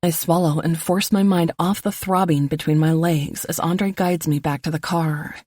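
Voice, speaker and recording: A woman narrating a first-person romance audiobook in an even, low-key reading voice. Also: moderate pace, no room sound, clean studio sound.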